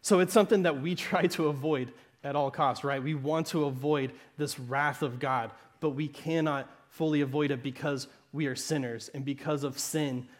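A man's voice: a little high, steady tone, normal speed, hardly any pauses. A man with a Southern Arkansas accent preaching a sermon, talking conversationally and often checking in with "right?" while repeating words as he restarts. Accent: Southern American (Arkansas). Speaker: pastor.

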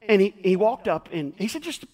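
Preacher guy telling stories in a sermon, highish voice, folksy and animated. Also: fairly quick. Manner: folksy, animated, acts out quotes. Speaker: pastor. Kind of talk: storytelling sermon.

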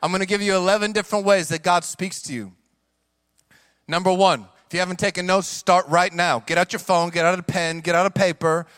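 High-voiced man preaching with fire. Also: fairly quick, clear, resonant tone, no echo. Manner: animated preaching, swings between hushed asides and shouted emphasis; casual slang asides to congregation. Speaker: pastor. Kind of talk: sermon.

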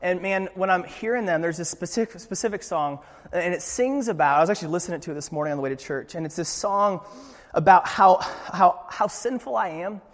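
A young man preaching a sermon in an animated, joking way, with frequent restarts. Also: high-pitched, long reverb tail. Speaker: pastor.

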